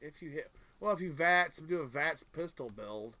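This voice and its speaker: Bright-voiced rambling male streamer. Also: fairly high pitch, lively intonation, moderate pace. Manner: rambling, joking, crude. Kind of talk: casual gaming chat.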